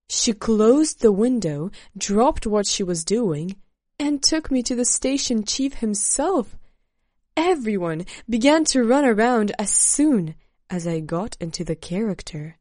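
A woman slowly narrating a first-person memoir in a measured storytelling manner. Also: medium pitch, dark tone, dry recording, clean studio sound.

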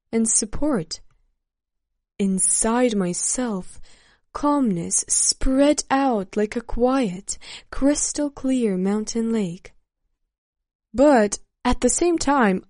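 A woman slowly narrating a first-person memoir in a measured storytelling manner. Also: fairly high pitch, mellow, no room sound, clean studio sound.

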